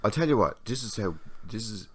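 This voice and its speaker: A man's voice: fairly low pitch, lively intonation, brisk, fairly bright tone, a little hiss or hum. An English man in his forties co-hosting a podcast, rambling and self-mocking in casual chat. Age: 40s. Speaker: podcast co-host.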